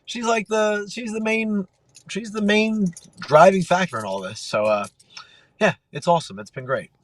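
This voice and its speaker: A man in his thirties with a high-sitting voice speaks at normal speed as a podcast guest. He's an MMA fighter swapping stories in casual chat, laughing often and animatedly acting out quotes.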